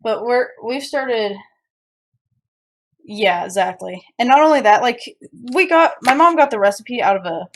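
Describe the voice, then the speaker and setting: A young woman with a fairly high voice chats casually while she cooks in her home kitchen. She rambles from one thought to the next and often restarts her sentences, talking easily to her viewers. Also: animated, a little slow, slight background noise. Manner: chatty and rambling, with frequent restarts. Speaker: streamer. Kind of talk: casual chat while cooking and reading chat.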